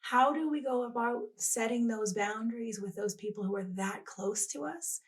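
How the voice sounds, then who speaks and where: A woman's voice: on the high side, normal speed. A woman hosting a podcast who laughs easily and asks leading questions. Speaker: podcast host. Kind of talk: podcast conversation.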